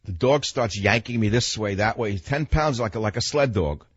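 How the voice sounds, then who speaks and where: A man's voice: lowish voice, moderate pace, slightly rough, no echo, dull audio. An older man from New York hosting a radio talk show, telling a story in a blunt, emphatic monologue.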